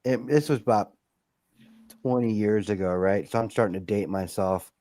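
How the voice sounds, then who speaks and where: Brief: man, lowish voice, dry close mic, upbeat storyteller. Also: moderate pace, dark tone, dry recording. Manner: upbeat anecdotes, "right?" checks. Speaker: co-host. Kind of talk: casual chat.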